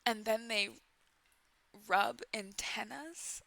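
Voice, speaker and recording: A woman's voice: a little high, slow, gravelly, sharp tone, no room sound. A woman in her twenties hosting a casual comedy commentary about a bad movie, full of sarcastic, playful asides. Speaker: YouTube commentary host.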